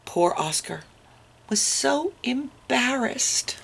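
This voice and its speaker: A woman reading a picture book aloud to children, expressive and adding little asides to her listeners. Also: high-pitched, takes it slowly, vocal fry, slightly rough. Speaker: storytime reader.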